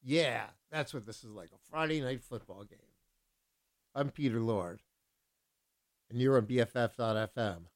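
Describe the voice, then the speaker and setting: A man's voice: mid-range voice, moderate pace, pauses often. A man hosting a community radio show, chatting casually between songs and ranting, loose and profane, repeating himself when riled up. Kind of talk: casual radio DJ chat and rant.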